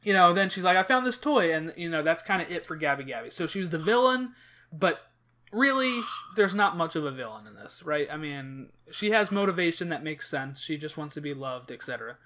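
A man's voice: on the high side, lively intonation, fairly quick, sharp tone. A man hosting a casual podcast chat, retelling a movie plot in a rambling way full of fillers and restarts. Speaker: podcast host.

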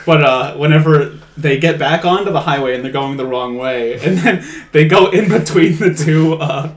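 A man's voice: on the high side, normal speed. A man co-hosting a podcast, chatting casually about a movie and retelling scenes with laughter and quoted lines. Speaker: podcast co-host.

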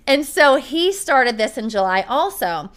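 A woman's voice: high voice, big pitch swings, a little slow, fairly bright tone. A woman talking as a podcast host and running coach, chatting casually and telling a story in an upbeat way.

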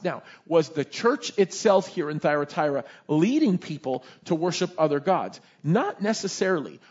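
A male pastor preaching a sermon in an animated, conversational storytelling manner. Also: fairly high pitch, breathy edge. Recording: dull lo-fi recording.

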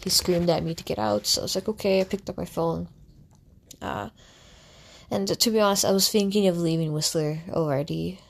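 A woman's voice: lowish voice, steady tone, normal speed, creaky. A young woman, a content creator, telling a candid personal story in a casual, rambling way, full of fillers and restarts. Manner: candid and reflective.

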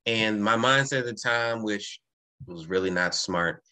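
A woman's voice: extremely low pitch, unhurried, bright, forceful tone. A woman hosting a podcast interview, speaking emphatically and giving frequent affirmations. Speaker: podcast host. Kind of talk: casual interview conversation.

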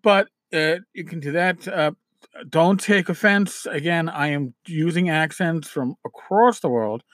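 A man's voice: a little high, unhurried, dry recording. A man who grew up in New York City gives game masters casual, rambling advice. He is self-deprecating and often restarts his sentences.

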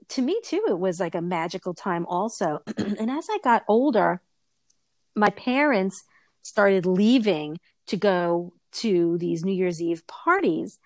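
A middle-aged woman chats casually and tells stories in a loose, rambling way, with many restarts. Her pitch swings high whenever she acts out what others said. The recording is dry, with almost no room sound. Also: no room sound. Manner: rambling storyteller, frequent restarts and laughter, swinging pitch when quoting. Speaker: co-host of a chat show. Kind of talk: casual chat.

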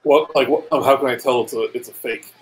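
Mid-pitched man playing a tabletop game. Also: quick pace, soft background music, rough recording. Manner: stammers on restarts, narrates his character's actions. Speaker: player. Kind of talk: casual tabletop play. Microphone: online voice call.

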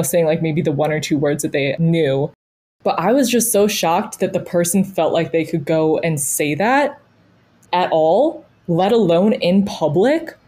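A woman's voice: on the low side, darkish tone. An American woman co-hosting a podcast, telling stories in a casual, chatty way full of "like". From United States. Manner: chatty, storytelling, frequent "like" fillers. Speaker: podcast co-host.

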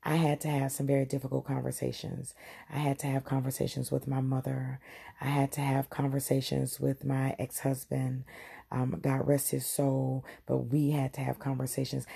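A woman's voice: very deep voice, gravelly, warm tone, slightly rough. A woman hosting a podcast and giving a heartfelt personal testimony, speaking straight to her listeners. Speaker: podcast host.

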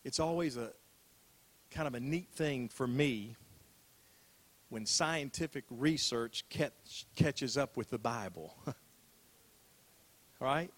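A man's voice: medium pitch, expressive, takes it slowly, pauses often. An older man preaching a sermon as a pastor, talking in a conversational way, repeating phrases and asking rhetorical questions.

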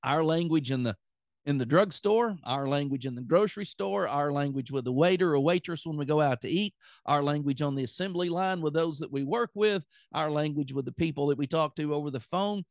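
A man's voice: on the high side, brisk, no echo, clean studio sound. A man with a Southern accent preaching an earnest, plain-spoken sermon on his podcast.

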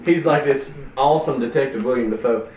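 A man's voice: mid-range voice, brisk, darkish tone, roomy sound, recorded from a distance. A man co-hosting a podcast, chatting casually in a rambling way. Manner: rambling, restarts a lot. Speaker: podcast co-host. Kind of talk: casual chat.

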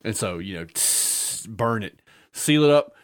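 A man's voice: on the low side, lively intonation, measured pace. A man casually telling a funny tabletop-game story, padding it with filler sounds and breaking into laughter.

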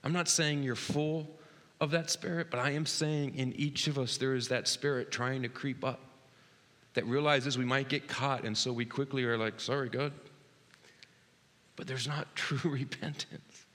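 Man, 30s, pastor, sermon, earnest, hushed then excited, long reverb. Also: medium pitch, normal speed. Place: church sanctuary.

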